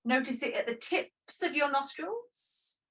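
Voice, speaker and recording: Gentle woman teaching yoga breathing. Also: high-pitched, expressive, measured pace, recorded from a distance, poor audio. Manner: gentle, chatty and self-deprecating. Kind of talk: guided breathing instruction.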